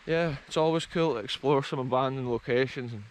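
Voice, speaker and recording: A man's voice: mid-range voice, brisk, a little hiss or hum, poor audio. Enthusiastic Scottish man vlogging outdoors. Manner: enthusiastic, keeps addressing viewers as folks. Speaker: vlogger exploring abandoned places. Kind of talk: casual walking vlog narration. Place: outdoors on a windy rural hillside.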